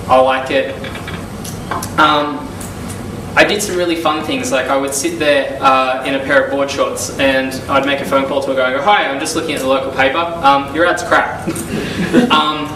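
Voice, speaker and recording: Man telling a lively story. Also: medium pitch. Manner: animated storyteller, acts out phone calls and quotes. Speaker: business consultant giving a testimonial. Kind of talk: casual storytelling testimonial. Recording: echoey room, mic a bit far, audible noise.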